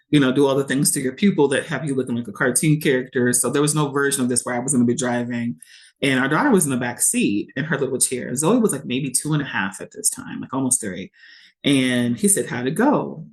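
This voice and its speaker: A woman, a podcast guest telling a personal story candidly and expressively, acting out what others said. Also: extremely low pitch. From Shreveport, Louisiana. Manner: candid and expressive, quotes others in lively voices.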